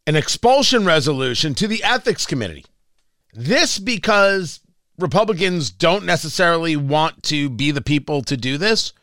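A man's voice: high voice, sharp tone, dry recording. A man hosting a talk radio show, giving chatty, opinionated commentary with frequent restarts and asides. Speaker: radio host.

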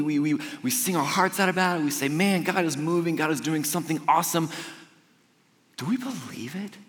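A young man preaching a sermon, telling personal stories in a conversational way and swinging between quiet, intimate lines and loud, emphatic ones. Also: on the high side. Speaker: pastor. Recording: long reverb of a large hall.

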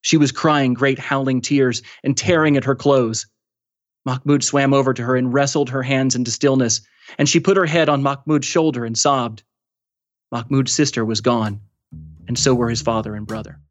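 A man reading aloud from his novel in a measured storytelling manner. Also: medium pitch, steady tone, no echo, highs cut off. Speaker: author reading his book. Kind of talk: read-aloud narration.

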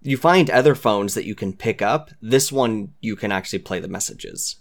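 A man with a somewhat low voice chats earnestly about a story game. He often drops to a soft murmur as he recalls details. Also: expressive, normal speed. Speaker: podcast co-host. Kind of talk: casual chat.

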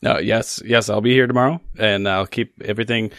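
Low-voiced wry podcast guest man. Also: steady tone, brisk, a bit bright, no echo, studio quality. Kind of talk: casual comedic podcast chat.

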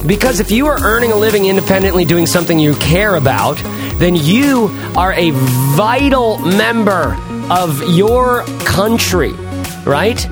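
A man's voice: sits high, lively intonation, unhurried, music in the background. Upbeat man hosting, with rhetorical questions. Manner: rhetorical, keeps asking "right?" and "why?"; playful, hams it up. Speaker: podcast host. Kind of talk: casual energetic podcast monologue.

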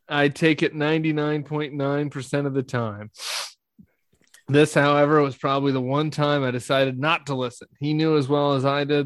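A man guest doing a comedic, deadpan reading of a parody memoir, breaking into laughter now and then. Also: mid-range voice, dry recording. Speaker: podcast guest.

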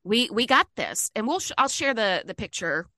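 A woman from Mississippi, co-hosting a podcast and telling a story in a chatty, animated way. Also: on the high side, moderate pace, no echo. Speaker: podcast co-host. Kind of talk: casual chat.

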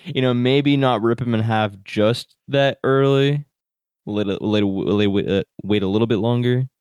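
A chatty man of middle pitch who laughs his way through a horror movie recap, cursing with gleeful energy. His voice sits close and dry on a home computer microphone, with no room sound at all. He talks like a co-host riffing with a friend. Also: moderate pace, smooth, dry recording, dull audio. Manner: excitable, laughs often, swears casually. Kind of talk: casual horror movie review chat.

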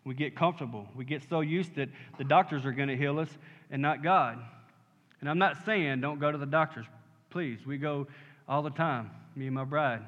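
High bright-voiced man preaching in a hall. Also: moderate pace. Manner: rising to emphatic call-and-response, asking "Amen?". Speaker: pastor. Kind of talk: sermon. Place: church sanctuary. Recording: muffled sound with long hall reverb.

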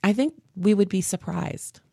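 A woman hosting a faith podcast, telling stories in an animated, earnest way. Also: mid-range voice, moderate pace, gravelly, husky, no echo, studio quality. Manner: animated, earnest storytelling with laughs. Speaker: podcast host. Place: home studio.

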